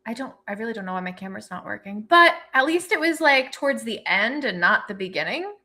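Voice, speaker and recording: A woman co-hosting a casual livestream chat over a video call, animated with quick asides. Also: on the high side.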